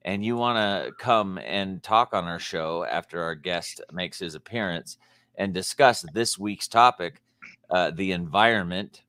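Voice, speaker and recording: Low-voiced joking male talk host. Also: a little slow, sharp tone, dry recording, studio quality. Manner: joking, crude, rambling with restarts. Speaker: show host. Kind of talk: casual podcast chat.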